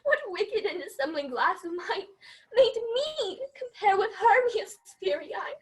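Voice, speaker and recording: Insecure lovelorn young woman played by a girl, tearful verse, very high animated voice. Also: unhurried, exaggerated voice. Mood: despairing. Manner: emotional, tearful verse delivery. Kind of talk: amateur student Shakespeare performance. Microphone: video call.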